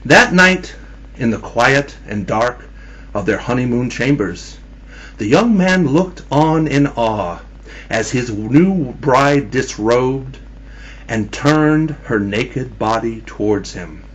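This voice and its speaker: Male storyteller, spooky Halloween tale; slow, animated pitch, slightly raspy, teasing. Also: dull audio. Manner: teasing, theatrical, addresses listeners as kiddies.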